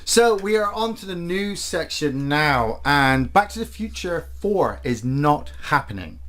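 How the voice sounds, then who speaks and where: A man's voice: a little high, unhurried. A man co-hosting a casual film podcast, rambling along with plenty of fillers. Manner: rambling, lively, with frequent fillers. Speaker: podcast co-host.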